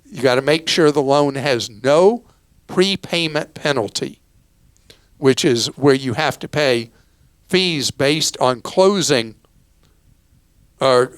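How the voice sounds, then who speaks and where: Male host, older, advice radio; smooth, clear voice, dry close mic; plain-spoken and explanatory. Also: fairly high pitch, no echo. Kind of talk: call-in advice talk.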